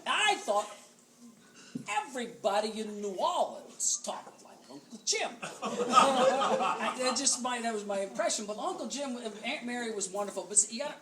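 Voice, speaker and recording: A man's voice: very high-pitched, animated, normal speed, crowd noise. A man giving a humorous keynote speech at a banquet, telling folksy stories and joking at his own expense. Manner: folksy, joking, self-deprecating. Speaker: keynote speaker. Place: banquet hall with audience. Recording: roomy hall, far from mic, audible audience. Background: audience laughter.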